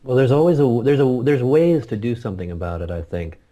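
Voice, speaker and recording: Mellow-voiced man, earnest and emphatic. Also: mid-range voice, very animated, brisk. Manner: earnest, repeats words while searching for them. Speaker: interview guest. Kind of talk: casual spiritual conversation.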